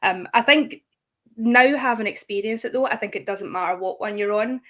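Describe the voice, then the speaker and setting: A woman's voice: mid-range voice, normal speed, a bit bright. Friendly woman explaining step by step. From United Kingdom. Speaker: guest, content creator. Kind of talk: casual interview.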